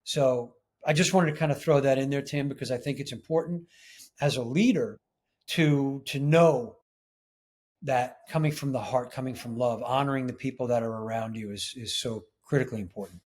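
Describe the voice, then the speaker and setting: Guy guesting on a podcast, mid-pitched voice, earnest and really emphatic. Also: moderate pace, a little mellow. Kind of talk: casual interview chat.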